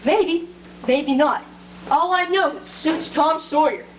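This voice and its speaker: A woman's voice: high voice, slow. A woman playing a cheeky, scheming boy in a stage play, talking others round with sly, playful bargaining. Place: theatre stage. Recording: noisy stage recording.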